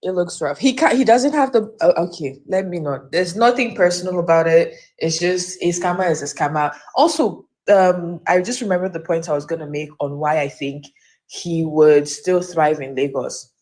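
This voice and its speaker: A woman's voice: on the low side, moderate pace, a little mellow. A woman giving blunt opinions as a guest on a casual livestream chat. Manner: blunt, opinionated, asks to be heard out.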